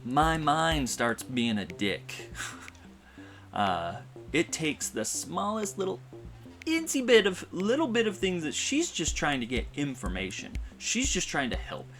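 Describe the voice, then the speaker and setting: A man's voice: fairly high pitch, sing-song, a little slow, a bit bright. A man telling a personal story in a vlog, in a rambling, heartfelt way with many fillers and restarts. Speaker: vlogger. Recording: music playing behind.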